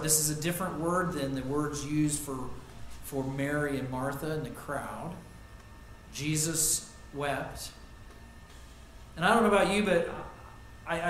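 A middle-aged man preaches with earnest conviction, his fairly high voice climbing and swelling when he builds a point, then falling quiet and close as he tells a story from his own life. The sound rings around an echoey church sanctuary, and faint room noise sits underneath. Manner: earnest preaching, rising loud on lists and quotes, dropping soft on personal stories. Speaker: pastor. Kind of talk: sermon.

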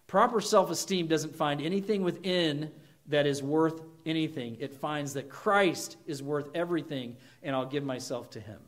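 Preacher guy with a fairly high voice, earnest, asks the crowd questions. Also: normal speed. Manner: earnest preaching with rhetorical questions and acted quotes. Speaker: pastor. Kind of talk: sermon.

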